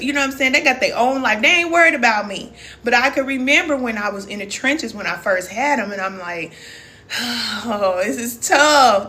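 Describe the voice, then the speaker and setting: A woman's voice: medium pitch, fairly bright tone, a little hiss or hum. A woman in her forties with a Southern US accent, speaking as a wellness coach and reading viewer comments aloud with a preacher-like cadence. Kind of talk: live-stream motivational talk.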